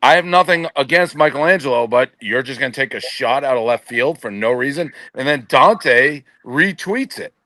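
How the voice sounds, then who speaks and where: A man's voice: medium pitch, animated, normal speed, few pauses, sharp tone, dry recording. A man on a podcast panel, ranting in a profane, exasperated and blunt way. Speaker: company boss on a podcast panel. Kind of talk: heated casual rant.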